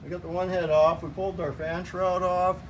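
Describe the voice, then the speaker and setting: A man's voice: sits high, flat delivery, fairly quick, a little hiss or hum. A man working as a mechanic, explaining an engine teardown in an easygoing, folksy way. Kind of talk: casual shop talk to camera. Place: garage workshop.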